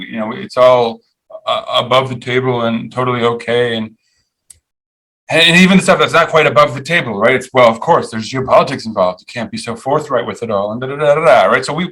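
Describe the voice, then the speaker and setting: A man's voice: mid-range voice, fairly bright tone, poor audio. Sardonic man hosting a news podcast. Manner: opinionated, sardonic, many fillers and restarts. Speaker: podcast host. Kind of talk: casual news commentary.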